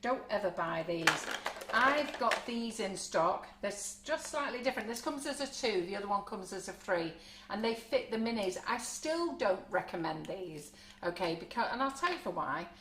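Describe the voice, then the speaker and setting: A woman's voice: medium pitch, lively intonation, moderate pace, fairly bright tone, reverberant, slight background noise. A woman hosting a live cake decorating demo, chatty and frank, laughing often. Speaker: baking show host. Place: home kitchen studio.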